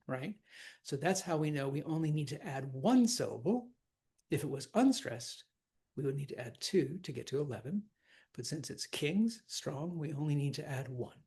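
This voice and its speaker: A man teaching a lesson on verse scansion, talking casually, often checking in with "right?" and reading lines aloud slowly. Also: on the high side, a little mellow, husky.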